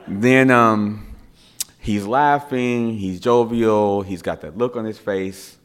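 Deep-voiced father telling an animated story. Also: takes it slowly. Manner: animated, repeats words for effect. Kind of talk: casual spoken anecdote.

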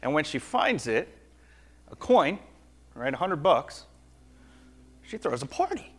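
Lively man preaching to children. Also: on the high side, slow, breathy edge. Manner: lively, conversational, keeps asking "right?". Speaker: children's sermon speaker. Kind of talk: children's sermon.

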